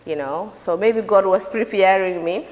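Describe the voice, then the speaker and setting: A woman's voice: mid-range voice, moderate pace, darkish tone. A woman from Gambia, a TV presenter, talking as an interview guest, switching between Wolof, English and French and telling stories with animation. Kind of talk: interview conversation. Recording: long reverb, faint room noise.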